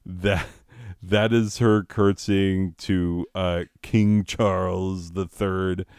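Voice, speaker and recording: A man's voice: low-pitched, a little mellow, clear, resonant tone, no room sound, studio quality. A man doing profane, sardonic stand-up comedy, ranting about the news of the year.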